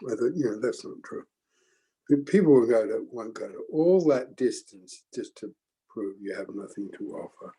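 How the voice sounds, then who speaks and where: An older man leading a group forum, teaching in a slow, halting way with many pauses and restarts. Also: medium pitch, lively intonation, warm tone, poor audio. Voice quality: gravelly, husky. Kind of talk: reflective group teaching talk.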